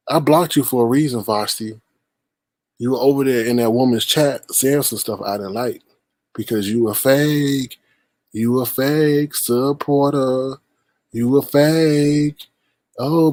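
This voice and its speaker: A man's voice: medium pitch, dry recording. A man hosting a casual livestream, greeting viewers by name and teasing them in sing-song asides. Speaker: livestream host.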